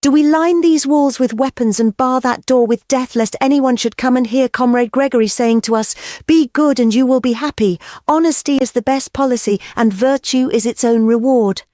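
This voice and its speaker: A narrator voicing a fiery young male anarchist orator who declaims in a loud, high, raised voice. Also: brisk, no room sound, studio quality, lightly acted. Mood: thundering. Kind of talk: audiobook reading.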